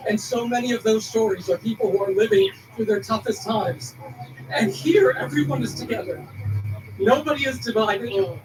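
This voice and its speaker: High-voiced emotional male reporter. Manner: emotional, reflective. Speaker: news correspondent. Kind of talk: live news report. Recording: TV audio taped from a distance, noisy.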